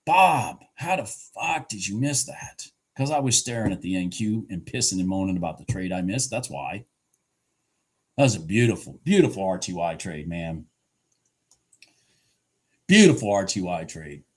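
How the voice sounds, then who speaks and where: A man live-streaming his day trading, commenting excitedly on the market, swearing and repeating himself as he shifts between shouting and muttering. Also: sits low, normal speed, slightly rough. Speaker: livestream day trader.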